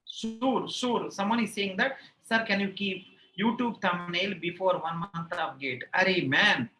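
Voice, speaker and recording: A man's voice: sits high, unhurried, pushed and bright, reverberant, low-quality recording. A man with an Indian English accent, an online exam-prep teacher chatting with his live class, repeating phrases and mocking himself playfully. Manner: repeats phrases, rambling anecdotes, playful self-mockery. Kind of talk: chatty aside in a live class, answering chat.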